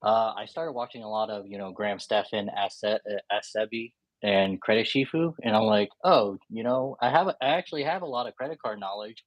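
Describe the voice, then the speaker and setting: A man's voice: lowish voice, fairly quick, hardly any pauses, no room sound. A young man in his twenties telling stories casually as an interview guest over a video call, laid-back, often quoting himself. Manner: laid-back, frequent uh fillers, quotes himself. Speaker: guest, credit card YouTuber. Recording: dull lo-fi video call audio.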